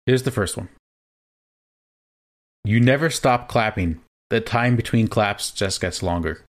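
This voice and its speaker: A man's voice: lowish voice, measured pace. A young man co-hosting a podcast, chatting casually and rambling a little with restarts. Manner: laid-back, rambling with restarts. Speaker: podcast co-host. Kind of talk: casual chat.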